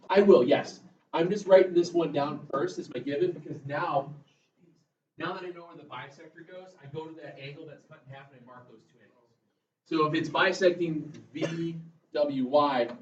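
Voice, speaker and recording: A man's voice: on the high side, normal speed, a little mellow. A male math teacher giving a classroom lecture, chatty and drifting into jokey asides. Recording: echoey classroom, mic far off, muffled, faint room noise.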